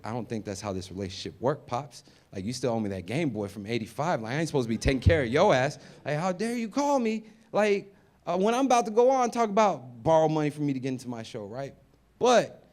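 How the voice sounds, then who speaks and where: Man telling stand-up stories. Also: medium pitch. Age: 30s. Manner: storytelling, acts out quoted voices, swings loud and soft. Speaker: stand-up comedian. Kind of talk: stand-up comedy set.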